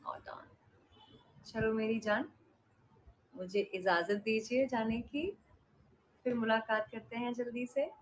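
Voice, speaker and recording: A woman's voice: on the high side, fairly even intonation, racing, long pauses, a little hiss or hum, low-quality recording. A young woman with an Indian accent chatting affectionately with viewers on a live stream, greeting them by name and blowing kisses. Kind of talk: casual live-stream chat.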